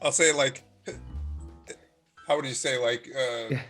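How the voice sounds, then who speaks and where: A man's voice: mid-range voice, fairly even intonation, takes it slowly, music in the background. A man playing his character in a tabletop game, given to wry banter. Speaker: player.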